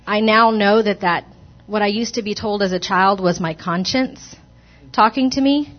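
A woman's voice: medium pitch, normal speed, muffled recording. A woman telling the congregation her personal testimony in a church, hesitant and earnest, with many restarts. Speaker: church member giving testimony. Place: church sanctuary.

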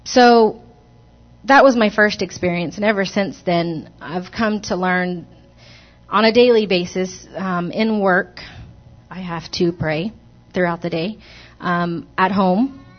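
A woman's voice: fairly low pitch, slow pace, lo-fi sound. A woman telling the congregation her personal testimony in a church, hesitant and earnest, with many restarts. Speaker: church member giving testimony. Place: church sanctuary.

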